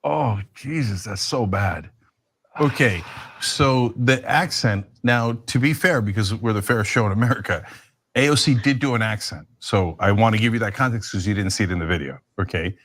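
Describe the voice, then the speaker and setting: A man's voice: lowish voice, moderate pace. A man co-hosting a political talk show, sarcastic and laughing as he talks. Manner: animated, sarcastic, laughs while talking. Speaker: co-host. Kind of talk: casual political commentary.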